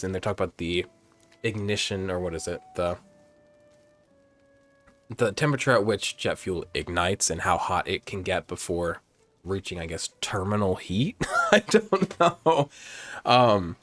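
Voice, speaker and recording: A man's voice: low voice, lively intonation, unhurried, pauses often, fairly bright tone, faint music behind. A man giving campy, chatty let's play commentary while playing a game, joking and swearing freely. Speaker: gamer, host.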